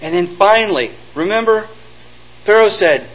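Preaching in a high, lively voice, a man retells old stories and takes on the voices of their characters, acting out the quotes. His pitch leaps around as he presses each point. He speaks at normal speed on a low-quality recording.

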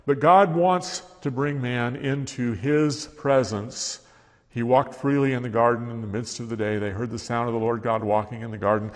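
Male preacher, steady expository delivery, long hall reverb. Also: mid-range voice, normal speed. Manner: steady expository preaching, reading scripture aloud with rising emphasis. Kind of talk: sermon.

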